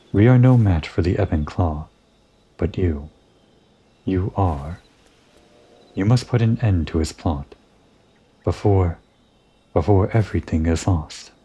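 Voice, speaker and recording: A man reading the lines of an earnest, mysterious young woman who pleads haltingly, reading game dialogue aloud. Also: low voice, dark tone, breathy edge, exaggerated voice.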